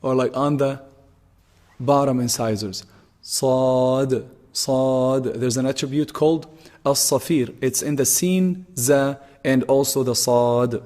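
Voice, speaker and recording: Male teacher, mid-pitched voice, steady instructional delivery with loud emphatic repeated syllables. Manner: repeats letters slowly and emphatically for demonstration. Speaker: Quran recitation teacher. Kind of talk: tajweed pronunciation lesson.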